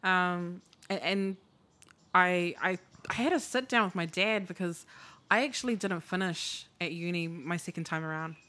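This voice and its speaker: A woman's voice: fairly low pitch, normal speed, sharp tone. Candid, swearing New woman. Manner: candid, swears freely, acts out quotes. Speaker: podcast co-host. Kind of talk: casual chat.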